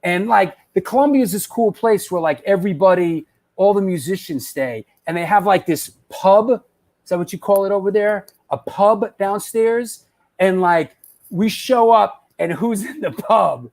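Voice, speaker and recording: A man hosting a live web show, rambling and excitable as he chats with viewers and restarts his sentences. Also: high-pitched, measured pace. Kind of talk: casual live-stream chat, reading viewer comments.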